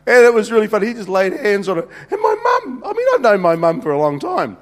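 A man's voice: sits high, very animated, a little fast, hardly any pauses. A man preaching a sermon, telling funny stories in a chatty way with many restarts and fillers. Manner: chatty, jokey, many restarts and "you know"s. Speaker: pastor. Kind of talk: humorous sermon storytelling. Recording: reverberant hall.

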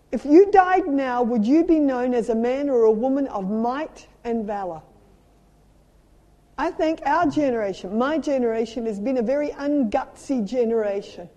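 A middle-aged South African woman preaching in a high, mellow voice. She tells lively personal stories and urges her listeners on emphatically. Her voice rings out with a long reverb through a large hall. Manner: animated storytelling with playful sound effects and emphatic exhortation. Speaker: traveling preacher.

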